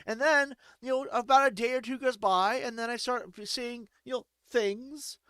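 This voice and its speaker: A man's voice: very high-pitched, fairly even intonation, moderate pace, a bit bright, smooth, dry recording, studio quality. A man giving rambling, joking, profane let's-play commentary while playing a game. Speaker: gaming streamer.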